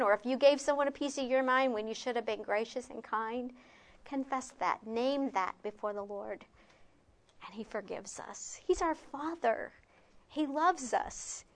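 A woman giving a conversational Bible teaching at a retreat, with self-mocking asides, slowing and softening on key points. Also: fairly high pitch. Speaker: retreat speaker.

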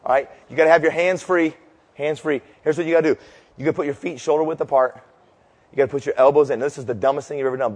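A man preaching a sermon, telling jokey stories and leading his audience through a cheer. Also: mid-range voice. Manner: animated, jokey storyteller leading a crowd cheer. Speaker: pastor. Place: large hall before a live audience. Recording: long hall reverb.

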